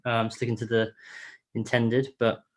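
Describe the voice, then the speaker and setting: A man's voice: mid-range voice, monotone, a little slow. A man joining by video call, describing his build progress in a friendly way.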